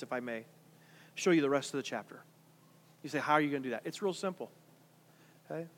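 High-voiced pastor in a reverberant hall. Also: male voice. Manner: conversational, swings from quiet asides to loud emphatic points. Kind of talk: sermon. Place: large church hall.

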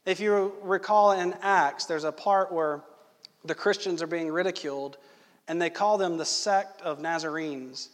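A young man preaching a sermon, conversational and quick to ask the congregation questions. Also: a little high. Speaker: pastor. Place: church hall. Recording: echoey church hall.

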